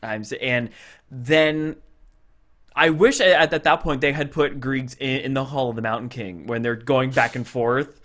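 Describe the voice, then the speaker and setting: A man's voice: mid-range voice, fairly even intonation, a little slow, fairly bright tone. A man co-hosting a casual podcast, retelling a TV episode scene by scene, acting out the characters' lines with frequent restarts. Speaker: podcast co-host.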